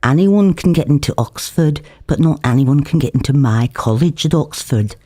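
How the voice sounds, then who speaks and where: A man's voice: a little high, lively intonation, moderate pace, warm tone. A man voicing a boastful young man from Liverpool, with a Scouse accent.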